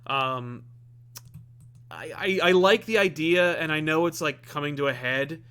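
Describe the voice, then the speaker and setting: A man's voice: on the high side, measured pace, pushed and bright, smooth. A man co-hosting a comic review podcast, talking casually in a rambling way with lots of fillers and restarts. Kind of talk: casual chat.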